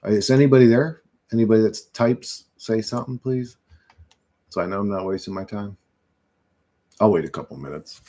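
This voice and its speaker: At his desk, a man in his thirties hosting a livestream delivers a rambling, profane, conspiratorial rant into a computer mic. His lowish, mellow voice moves at a moderate pace with long pauses.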